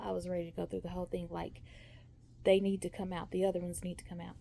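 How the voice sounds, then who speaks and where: A woman's voice: fairly low pitch, flat delivery, fast talker, creaky, warm tone, a little hiss or hum. A woman giving a chatty vlog update, telling a story and talking straight to her viewers. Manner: chatty, storytelling, says y'all and okay often. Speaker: vlogger. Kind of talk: casual talking-head update.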